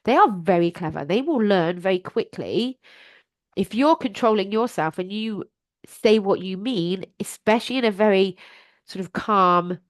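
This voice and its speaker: A woman's voice: medium pitch, lively intonation, normal speed, dry recording. A middle-aged woman talks straight to her listeners as a life coach on her podcast. Her manner is earnest and encouraging, plain and direct. The sound is close and dry, with no room around her. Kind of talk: solo podcast advice talk.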